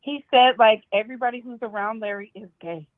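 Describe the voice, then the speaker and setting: A woman with a high voice joins a casual gossip chat by phone. Her voice comes through a tinny, dry phone line. She talks emphatically and exclaims in reaction. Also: steady tone, fairly quick, no room sound.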